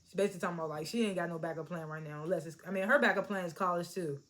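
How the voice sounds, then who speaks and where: A woman casually recapping and reviewing a TV episode, blunt and animated, swearing freely and laughing often. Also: fairly low pitch, very fast.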